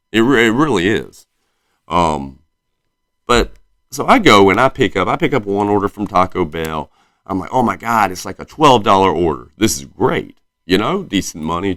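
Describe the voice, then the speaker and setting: A man's voice: low-pitched, fairly bright tone, no room sound, clean studio sound. A man in his thirties from South Carolina with a slight Southern twang, telling rambling stories on his own podcast and often correcting himself. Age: 30s. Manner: rambling, self-correcting storyteller. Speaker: podcast host. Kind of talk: casual solo podcast chat.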